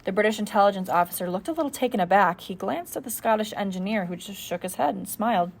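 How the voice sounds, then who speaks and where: A woman's voice: mid-range voice, expressive, quick pace, creaky. A woman reading a novel aloud as an audiobook, in a plain reading manner with the odd slip and restart. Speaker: audiobook reader. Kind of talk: read-aloud narration of a novel.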